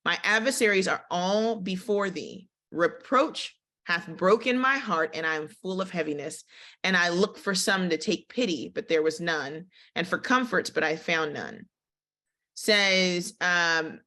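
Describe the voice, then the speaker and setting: A woman teaching a casual Bible study who reads scripture aloud and then breaks off into animated, conversational commentary. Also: moderate pace. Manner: expressive, with big swings in pitch and tempo.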